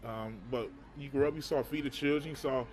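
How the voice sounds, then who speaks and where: A man co-hosting a casual chat show, telling stories in a rambling, animated way and repeating words as he goes. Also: medium pitch, a little fast. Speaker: podcast co-host.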